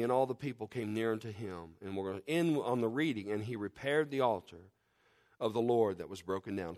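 A man's voice: lowish voice, animated, fairly quick. A man preaching a sermon with fervent, emphatic delivery, reading scripture in old-fashioned wording and leading a prayer. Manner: fervent, rising to loud emphatic peaks then dropping quiet; reads scripture in King James wording.

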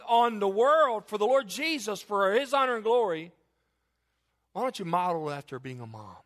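A man's voice: extremely high pitch, fairly bright tone. A man preaching a sermon in a folksy, earnest way, repeating himself and telling family stories. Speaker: pastor.

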